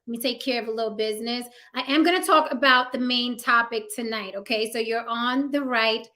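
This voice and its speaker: A woman's voice: fairly high pitch, brisk, pushed and bright. A woman hosting her own live-stream talk show, chatting casually with many ums and "right?" asides, her voice a little worn. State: slightly losing her voice. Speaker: host.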